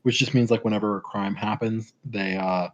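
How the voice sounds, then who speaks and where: A young man co-hosting a podcast, chatting casually in a rambling, deadpan way full of "like". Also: on the low side, normal speed, highs cut off. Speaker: podcast co-host. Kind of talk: casual chat.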